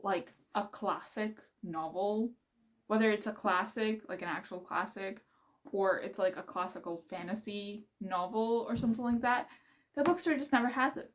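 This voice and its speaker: A young woman book vlogger chatting casually and excitedly about her reading, rambling and laughing as she goes. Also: medium pitch, normal speed. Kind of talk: casual chat.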